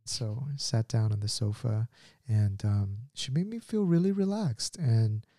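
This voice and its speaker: A man in his thirties hosting a podcast and telling a story in an animated, casual way, laughing at himself. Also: on the low side, unhurried, dry recording, studio quality. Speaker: podcast host.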